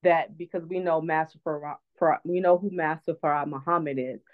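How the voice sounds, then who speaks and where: A woman with a low voice and fairly even intonation talks a little fast as a guest speaker in an online talk, her audio tinny like a phone line. Earnest and reflective, she tells a personal story, restarting many times.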